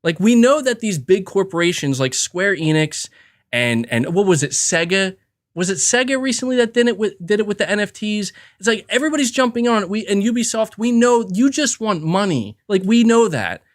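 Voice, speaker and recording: Speaking fairly quickly in a high, animated voice, a male podcast host goes off on a fiery, expletive-filled rant. He hammers his points home while tripping over words and starting again.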